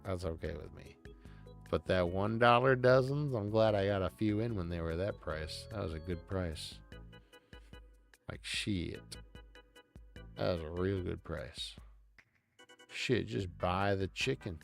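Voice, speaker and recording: A man's voice: low voice, unhurried, vocal fry, long pauses, faint music behind. A man streaming live, chatting casually in a loose, rambling way with plenty of swearing. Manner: laid-back, swears a lot.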